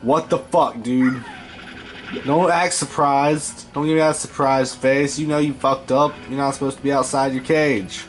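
A man's voice: medium pitch, fairly even intonation, a little slow. A man giving profane, scolding commentary while playing a video game. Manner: foul-mouthed, scolding the game creatures. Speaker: gameplay host.

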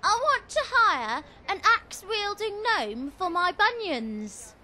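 A woman playing an eccentric character who makes absurd demands in a whimsical, drawn-out voice. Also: very high voice, sing-song, sharp tone, heavily acted. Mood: demanding. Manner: whimsical, drawn-out, singsong delivery.

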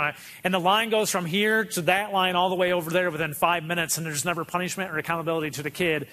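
A man's voice: sits high, fairly even intonation, quick pace, few pauses, bright, forceful tone. A man in his thirties preaching a sermon in a conversational way, acting out quotes from his kids. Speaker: pastor. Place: church auditorium.

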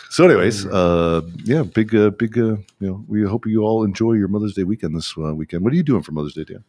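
Low-voiced man hosting with jokes. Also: lively intonation, normal speed, dark tone, breathy edge. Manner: joking, laughs often, self-mocking. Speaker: host. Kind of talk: casual chat.

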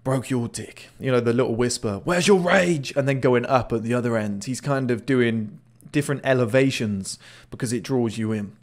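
A man's voice: medium pitch, steady tone, fairly quick, few pauses, darkish tone. A man casually commenting on a video clip, chatty and swearing now and then, often repeating words as he restarts. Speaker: body language analyst.

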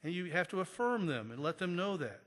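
A pastor preaching a sermon in an earnest manner, repeating key phrases for emphasis. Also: male voice, high-pitched, sing-song, a little fast, a bit bright. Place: church sanctuary. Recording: long church reverb.

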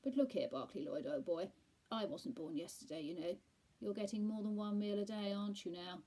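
A woman voicing a clever, posh male Persian cat, brisk and firm, in a storybook reading. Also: mid-range voice, mellow, natural voice. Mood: firm advising.

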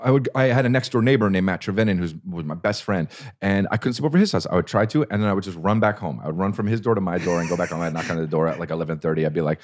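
A young man hosting a podcast, telling a story in casual chat, swearing and rambling with restarts and high-pitched quoted voices. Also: very fast. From New Jersey. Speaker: podcast host.

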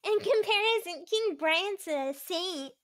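A guest on a live gaming stream, chatting casually with teasing, deadpan jokes. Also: extremely high pitch, slow pace.

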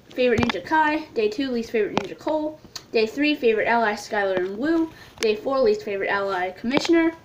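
A woman's voice: fairly high pitch, dull audio, a little hiss or hum. A woman hosting her channel, talking through a casual recap in a rambling way with many ums and restarts. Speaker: channel host. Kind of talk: casual video recap talk.

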